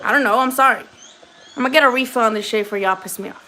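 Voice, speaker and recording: High, bright-voiced woman bantering bluntly. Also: fast talker, a little hiss or hum. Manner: blunt, profane and joking, talks back to chat. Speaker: host of a boxing livestream. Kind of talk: casual livestream chat.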